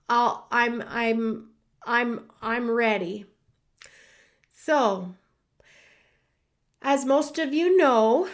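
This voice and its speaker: Slow, high-voiced emotional woman host. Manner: emotional, rambling, many restarts. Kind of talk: casual livestream talk. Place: home studio.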